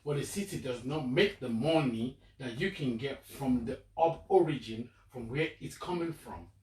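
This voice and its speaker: A man's voice: mid-range voice, animated, moderate pace, a little mellow. A man in a casual discussion, emphatic and repeating phrases to drive his point. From Africa. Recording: echoey room, distant mic, faint ambience.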